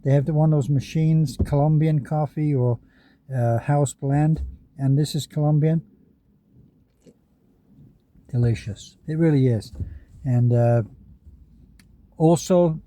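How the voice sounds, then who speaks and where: A man's voice: on the high side, a little slow, long pauses, warm tone. A man in a parked car giving casual, rambling commentary on other YouTubers, chatty and often chuckling.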